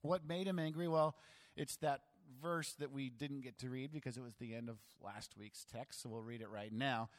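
A man preaching a sermon, reading scripture aloud and then explaining it with dramatic emphasis. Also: medium pitch. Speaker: pastor. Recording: long hall reverb.

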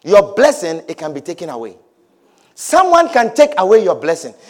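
A man preaching with a strikingly high voice for a man. his pitch swoops and leaps all over as he repeats each point, building to loud declarations and then dropping to hushed, quiet lines. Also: huge pitch swings, moderate pace. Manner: repetitive, emphatic, swings from shouts to low murmurs. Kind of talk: sermon.

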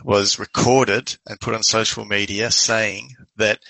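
A man with a low, gravelly voice that still has a bright, forceful edge banters as a quizmaster. The sound is dry and close. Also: little pitch movement, unhurried, no echo, low-quality recording. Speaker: podcast co-host. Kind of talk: casual sports chat.

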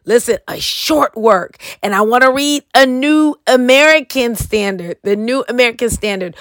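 A woman's voice: on the high side, moderate pace, hardly any pauses, fairly bright tone, no echo. A middle-aged woman preaching on a podcast, reading scripture and urging listeners with "listen to me.". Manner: earnest, repeats "listen to me" and "okay".

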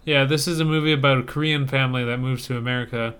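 A young man co-hosts a casual podcast chat, enthusiastic and rambling. His voice is smooth and resonant, sitting at a middle pitch. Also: steady tone, fast talker, a bit bright. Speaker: podcast co-host reviewing trailers.

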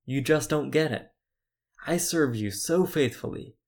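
A man's voice: on the high side, a little slow, darkish tone, voice pushed up. A man voicing a panicked, defensive male prophet who complains repetitively about his plight in a sermon.

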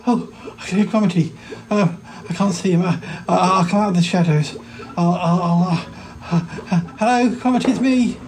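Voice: mid-range voice, normal speed, few pauses, darkish tone, slight background noise, lightly acted. A performer voicing Paul, a shy yeti shrunk very small, stammering and flustered.

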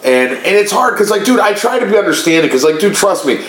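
Male podcast co-host: raised-pitch, heated, foul-mouthed storyteller, echoey room. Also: sing-song, fast talker, fairly bright tone. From Chicago area. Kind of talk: casual podcast chat.

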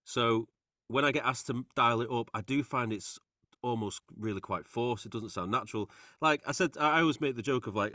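A man with a soft Manchester accent hosting a casual podcast, talking in a loose, rambling way. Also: medium pitch, fairly quick, no room sound, clean studio sound. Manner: relaxed, rambling with restarts. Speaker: podcast host.

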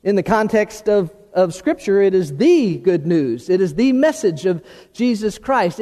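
Emphatic high-voiced preacher in a reverberant hall. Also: male voice, very animated, warm tone. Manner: emphatic, repeats and restarts words, slows for key terms. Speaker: pastor. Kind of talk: sermon with opening prayer. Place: church sanctuary.

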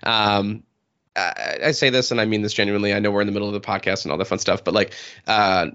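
A man's voice: fairly low pitch, steady tone, quick pace, bright, forceful tone, clear, resonant tone, muffled recording. A man co-hosting a podcast in casual chat, rambling and swearing freely. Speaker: podcast co-host.

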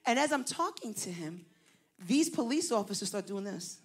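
A woman pastor telling a story in a sermon, animated and rising to loud emphasis. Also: medium pitch, moderate pace, husky.

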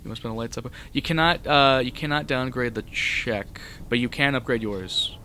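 A man's voice: mid-range voice, moderate pace, pushed and bright. A man narrating a tabletop role-playing session as its game master, with a mid-range voice. His delivery is loose and easygoing, dotted with fillers. A faint hiss sits under the recording.

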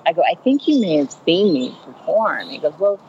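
Low-pitched woman on a podcast, chatty comic storytelling, kinda dull sound with a little background noise. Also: a little fast. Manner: chatty, animated storyteller acting out quoted voices. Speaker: stand-up comedian and rideshare driver.

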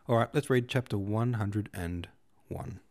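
Man, podcast host, reading a classic novel aloud, low voice, mellow tone, measured and unhurried narration. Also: gravelly. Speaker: podcast host and audiobook reader.

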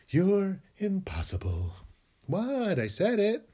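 A man's voice: fairly high pitch, huge pitch swings, takes it slowly, dark tone, slightly rough. Sing-song man bickering with himself. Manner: bickers with himself in two voices. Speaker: podcast host. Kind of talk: comic podcast skit.

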